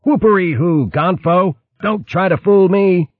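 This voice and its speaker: A man voicing a gruff, boisterous female otter aunt who shouts and teases in rough, rustic grammar. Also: high-pitched, unhurried, dry recording, phone-quality sound, pitched above the performer's own voice.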